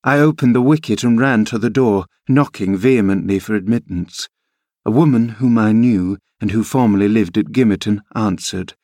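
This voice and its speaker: A man narrating an audiobook in a measured storytelling manner. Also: on the low side, warm tone, no room sound, studio quality. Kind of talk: audiobook reading.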